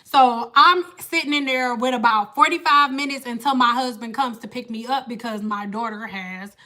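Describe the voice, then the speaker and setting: High, bright-voiced blunt woman. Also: moderate pace. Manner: blunt, animated and swearing. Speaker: vlogger and former hairstylist. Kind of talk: casual livestream storytelling.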